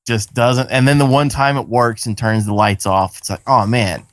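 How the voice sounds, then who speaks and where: A man's voice: medium pitch, normal speed, no room sound. A man hosting a casual podcast, rambling and swearing, acting out little quoted lines as he riffs. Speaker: podcast host.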